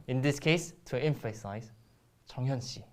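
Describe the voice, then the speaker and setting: A woman's voice: rumbling low, quick pace, darkish tone, a little hiss or hum. A woman with a Korean accent teaching a Korean grammar lesson in English, explaining step by step with frequent ums and restarts.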